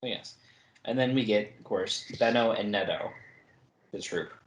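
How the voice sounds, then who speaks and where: A man's voice: fairly low pitch, measured pace. Man recapping in an echoey room. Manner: recaps chapter events with asides. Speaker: podcast co-host. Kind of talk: casual book discussion.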